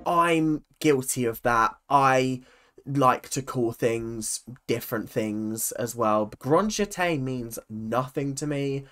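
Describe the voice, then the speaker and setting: A woman's voice: very deep voice, slow, a bit bright, soft background music. A woman hosting a reaction video, chatting sarcastically and exclaiming at clips. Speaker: YouTube reaction host. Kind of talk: casual reaction commentary.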